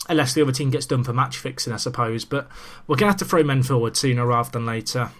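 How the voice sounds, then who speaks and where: A young man in casual let's-play commentary, chatty and excitable with self-mocking asides, talking into a desk microphone. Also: mid-range voice, quick pace. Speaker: gaming commentator.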